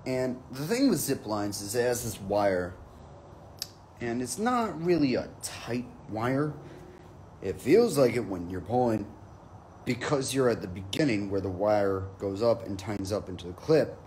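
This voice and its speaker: Slow, profane man telling a story. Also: fairly low pitch, sing-song, a little mellow, a little hiss or hum. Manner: profane, rambling anecdote. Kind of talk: casual comic storytelling.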